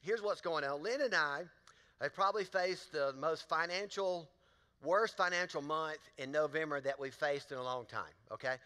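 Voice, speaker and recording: A man's voice: a little high, normal speed, sharp tone. A male pastor, preaching a sermon with folksy stories and questions to the congregation. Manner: folksy storytelling, talks to the crowd. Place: large church auditorium. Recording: long hall reverb in a church.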